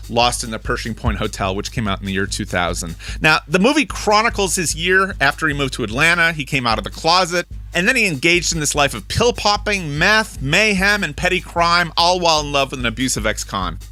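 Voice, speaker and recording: Bright-voiced, lively male podcast host. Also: mid-range voice, brisk, soft background music. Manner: chatty, laughs readily, asks probing questions. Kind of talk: interview and scripted intro narration.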